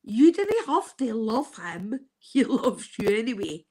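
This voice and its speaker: A woman in her fifties speaks slowly and earnestly in a fairly high voice. She gives a heartfelt testimony on a live stream and drops casual swear words as she goes. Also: sing-song, dark tone. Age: 50s. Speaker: guest sharing a personal testimony.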